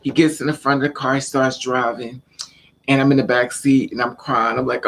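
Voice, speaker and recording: Animated man telling a personal story. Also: mid-range voice, normal speed, creaky, slight background noise. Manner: animated, acts out scenes, repeats words for emphasis. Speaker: vlogger.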